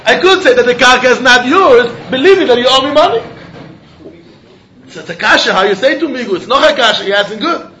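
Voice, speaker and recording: High-voiced man giving a lively Talmud lecture. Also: low-quality recording. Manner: animated, sing-song reasoning with quick laughs. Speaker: Talmud teacher.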